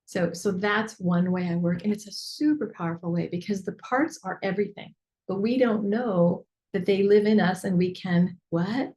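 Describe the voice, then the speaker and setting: Woman mentor coaching a client; lively, chatty, digressive delivery with lots of fillers. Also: medium pitch, moderate pace. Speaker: business mentor. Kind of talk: coaching session teaching.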